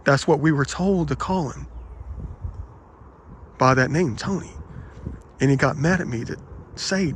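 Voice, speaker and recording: A man's voice: fairly high pitch, normal speed, pauses often, a little hiss or hum. Man telling aggrieved rambling anecdotes. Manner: aggrieved, animated retelling with quoted dialogue. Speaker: vlogger.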